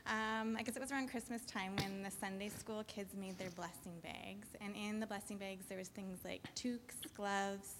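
A woman's voice: mid-range voice, steady tone, normal speed, hardly any pauses. Casual woman speaking in an echoey church. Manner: casual, a little flustered. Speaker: congregation member sharing a story. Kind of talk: casual testimony. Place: church sanctuary. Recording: echoey church hall, faint noise.

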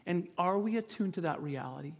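A man preaches in an earnest, conversational way, pitched a little high. His voice rings out with a long reverb through a church sanctuary, and he often doubles back on his words. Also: animated, fairly quick, vocal fry, darkish tone. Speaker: pastor. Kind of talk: sermon.

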